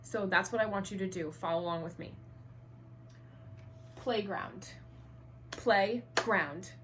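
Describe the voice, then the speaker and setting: A woman teaching an online first grade reading lesson, upbeat and encouraging, enunciating clearly. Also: on the low side, fairly even intonation, fast, fairly bright tone, slight background noise.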